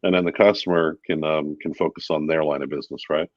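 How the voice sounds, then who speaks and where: A man talking as a guest in a casual interview, relaxed and chatty with many fillers. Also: rumbling low, quick pace, no echo, highs cut off. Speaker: guest, VP of sales.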